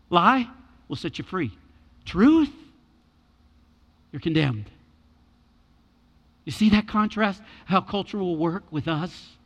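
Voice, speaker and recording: A man preaching a sermon as pastor, animated and repeating his key words for emphasis. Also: high-pitched, in a large hall.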